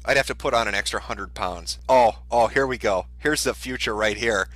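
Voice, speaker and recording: A man's voice: fairly low pitch, normal speed, fairly bright tone, no echo. A man ranting in profane, sarcastic commentary, mocking a streamer as he reads his posts aloud.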